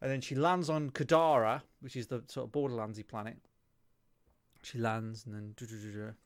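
A man's voice: medium pitch, steady tone, moderate pace. A man with a lilt rambles through a game's storyline for his co-host. His voice sits in a middling register, and he keeps breaking into mock character voices as he goes. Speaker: podcast co-host. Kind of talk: casual chat, retelling a game story.

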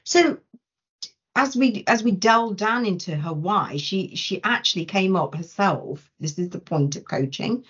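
A woman with a husky, breathy voice talks through a coaching story, animated, stopping and restarting as she goes. The recording is dull and lo-fi, like a modest podcast setup. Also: medium pitch, a little slow. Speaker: coaching guest, change manager. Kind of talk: conversational podcast interview.

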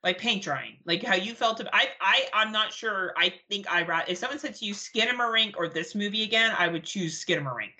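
A young adult woman co-hosting a podcast in casual chat, blunt, profane and animated as she rants. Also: medium pitch, fairly quick, hardly any pauses. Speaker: podcast co-host.

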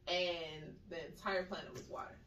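Animated woman telling stories in an echoey room. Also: lowish voice, moderate pace, lo-fi sound, slight background noise. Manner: animated, slangy, acts out quoted voices. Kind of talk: casual storytelling chat. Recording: echoey room, mic at a distance.

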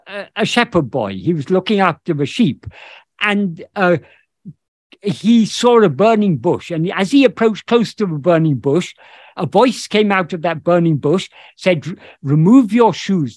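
A man's voice: a little high, no echo, clean studio sound. A man with a British English accent, a spiritual teacher explaining scripture on a video call, thoughtful and searching for words with many restarts. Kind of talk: explaining scripture in an online meeting.

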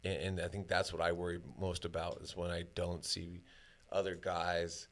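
A man talking in a casual conversation, halting and full of fillers as he shares personal stories. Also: deep voice, monotone.

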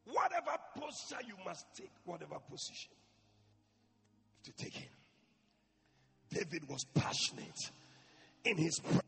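High, gravelly man preaching in a reverberant church. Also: wildly swooping pitch, moderate pace, pauses often. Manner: swings between shouting and hushed speech; repeats phrases for emphasis. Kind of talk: impassioned sermon.

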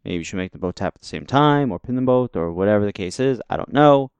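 A man's voice: on the low side, animated, quick pace, a little mellow, clear, resonant tone, no room sound, highs cut off. A man co-hosting a wrestling podcast, ranting sarcastically in casual chat and swearing freely. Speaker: podcast co-host.

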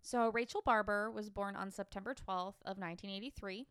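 A woman's voice: medium pitch, fairly even intonation, fairly quick, a bit bright, clean tone, no room sound. A woman co-hosting a true-crime podcast, chatting casually with lots of fillers and laughter before presenting the case. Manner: giggly, chatty, filler-heavy. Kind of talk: casual chat.

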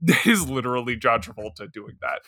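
Animated male movie-podcast co-host. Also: mid-range voice, a little fast, no echo, clean studio sound. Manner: animated, mocking, jumps into goofy impressions. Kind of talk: casual movie review chat.

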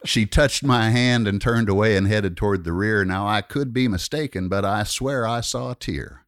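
A man's voice: lowish voice, big pitch swings, moderate pace, no room sound, studio quality. Man reciting a wry rhyming story. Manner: wry, rhythmic storytelling delivery. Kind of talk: reciting a rhyming narrative poem.

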